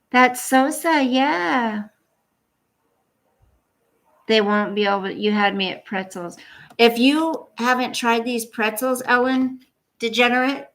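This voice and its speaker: A woman's voice: on the high side, creaky. An older woman chatting casually to her viewers, cooing baby talk to her dog. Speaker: vlogger. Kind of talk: casual chat to camera. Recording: echoey room, voice a bit off-mic, faint noise.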